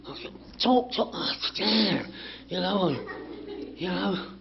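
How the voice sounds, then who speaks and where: A man telling his recovery story to a meeting in an animated way, acting out the dialogue, swearing and laughing. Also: sits high, takes it slowly, gravelly, crowd noise. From England. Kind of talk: personal recovery story told to a group. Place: community meeting room. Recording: dull lo-fi room recording.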